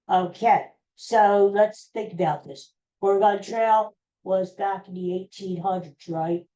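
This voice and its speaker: Low, mellow-voiced woman podcast host. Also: lo-fi sound. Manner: rambling, exclaiming, talks to herself. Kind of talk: casual chat.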